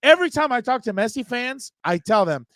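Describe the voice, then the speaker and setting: A man's voice: very high voice, sing-song, brisk, heavy background noise. A man co-hosting a casual sports chat, opinionated and ranting about overrated athletes. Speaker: sports show co-host.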